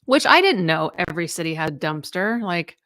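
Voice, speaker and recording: Woman in her 30s, co-host, rambling casual talker, slightly low pitch, very dry close sound. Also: big pitch swings, fairly quick, pushed and bright, no room sound. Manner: chatty, rambling, many fillers and restarts. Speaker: podcast co-host. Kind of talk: casual chat.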